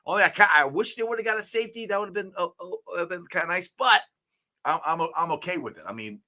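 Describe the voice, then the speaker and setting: A man hosts a casual sports talk show, and his voice has a bright, forceful edge. He rambles comfortably through his opinions and often lets his sentences fade out. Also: high-pitched, lively intonation, fast. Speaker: sports podcast host.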